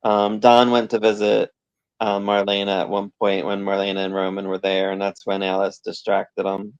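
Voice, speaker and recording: A man with a gravelly, creaky voice, chatting casually and tossing out questions as he recaps soap plots. The recording sounds muffled and lo-fi, as if the treble is rolled off. He acts out characters loosely in quotes. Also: fairly low pitch, completely flat delivery, normal speed, no echo. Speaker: podcast co-host. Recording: dull lo-fi sound.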